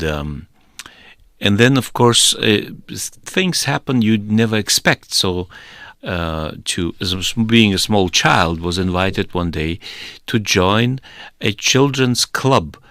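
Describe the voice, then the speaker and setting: Gravelly man telling a testimony. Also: sits low, no room sound, clean studio sound. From Soviet Union. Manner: hesitant, many fillers and restarts, animated storytelling. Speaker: speaker giving testimony. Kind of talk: personal testimony storytelling.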